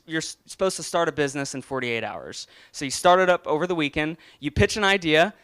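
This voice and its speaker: A man's voice: a little high, a bit bright, smooth. A young adult man giving an earnest motivational talk, often restarting his words and growing emotional. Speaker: motivational speaker.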